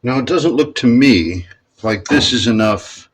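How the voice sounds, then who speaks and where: A man's voice: medium pitch, lively intonation, a little slow, poor audio. A man casually talking through a recipe in his home kitchen, rambling and correcting himself as he goes. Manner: rambling, self-correcting, chatty. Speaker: cooking vlogger. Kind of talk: casual cooking demonstration.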